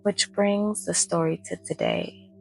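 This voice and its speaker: A woman narrating a bedtime story in a soft, calm voice. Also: lowish voice, unhurried, vocal fry, faint music behind, rough recording. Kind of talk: soft-spoken bedtime reading.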